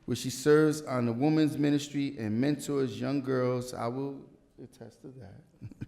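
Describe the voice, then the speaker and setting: A man's voice: medium pitch, fairly even intonation, measured pace, gravelly. A man, a city councilman, reading an award proclamation at a civic ceremony and breaking it up with joking asides to the audience. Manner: joking, warm-hearted emcee patter between formal reading.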